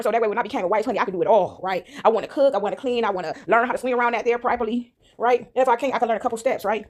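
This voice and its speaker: A woman's voice: fairly high pitch, rapid-fire, few pauses. A woman vlogging in a casual monologue to her viewers, emphatic and repetitive, who keeps checking in with "right?".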